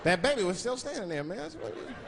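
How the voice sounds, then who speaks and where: Animated, high-voiced male stand-up comic. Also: fast, gravelly, a crowd in the background. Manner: loose, profane storytelling with acted-out quotes. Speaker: stand-up comedian. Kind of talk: stand-up comedy routine. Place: live comedy stage. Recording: live show with loud audience noise.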